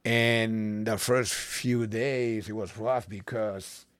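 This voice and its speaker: A man's voice: fairly low pitch, slow pace, smooth. Middle-aged man with a Peruvian accent. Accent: Peruvian Spanish. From Peru. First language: Spanish. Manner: animated storyteller, restarts and repeats words. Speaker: restaurant owner. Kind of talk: casual interview storytelling. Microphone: studio microphone.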